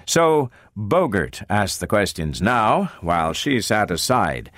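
Expressive male audiobook narrator. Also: lowish voice, slow pace, dry recording, clean studio sound. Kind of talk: scripted narration.

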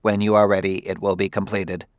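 A man's voice: low voice, flat delivery, brisk, dry recording, close to an everyday voice. A man voicing a dutiful servant robot that speaks formally and deferentially in an audiobook.

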